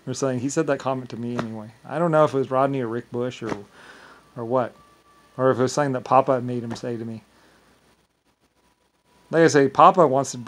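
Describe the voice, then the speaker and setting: A man's voice: mid-range voice, poor audio. A man talking in a casual, rambling monologue, often stumbling and repeating words as he restarts his sentences.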